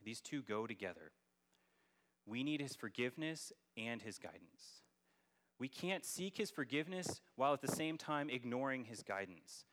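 A man's voice: medium pitch, expressive, normal speed, fairly bright tone. A man preaching a sermon as a church elder, earnest and building to emphatic peaks. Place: church sanctuary.

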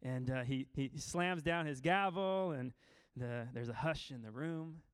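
A man's voice: on the high side, unhurried, smooth, dry recording. A man preaching a sermon, telling a story and acting out the lines of its characters with emphasis. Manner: storytelling with acted-out quotes, lively and emphatic. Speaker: pastor.

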